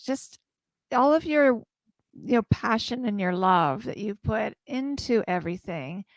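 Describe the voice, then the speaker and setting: A woman's voice: medium pitch, expressive, a little slow, no room sound. A woman co-hosting an interview, reacting with gushing enthusiasm. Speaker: co-host. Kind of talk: casual interview chat.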